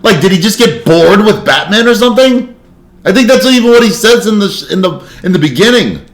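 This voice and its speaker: Male reaction host, high and lively voice, casual and profane commentary. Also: fairly quick. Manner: animated, laughing, swearing asides. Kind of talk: casual commentary over a video.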